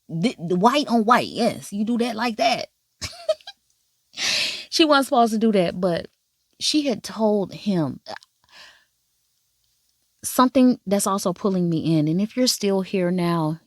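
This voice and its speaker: A woman giving casual drama commentary in an animated, profane, sassy way. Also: medium pitch, unhurried, pauses often, no room sound, studio quality. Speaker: drama reviewer. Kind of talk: casual watch-along commentary.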